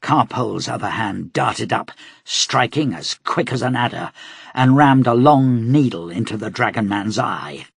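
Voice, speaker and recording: A man reading an audiobook aloud in a steady, dramatic manner as its narrator. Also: mid-range voice, measured pace, creaky, slightly rough, dry recording, clean studio sound. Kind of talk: scripted narration.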